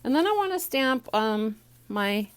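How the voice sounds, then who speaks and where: A woman's voice: fairly high pitch, big pitch swings, unhurried, clean tone. A woman teaching a stamping card class from home, chatty and rambling with many ums, a little out of breath, recorded on a phone on a small tripod. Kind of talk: casual craft tutorial.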